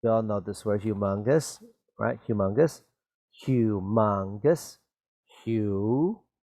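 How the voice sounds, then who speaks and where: A man's voice: on the low side, moderate pace, gravelly, a little mellow, no echo. A man teaching children spelling and vocabulary, patiently encouraging them and spelling words out letter by letter.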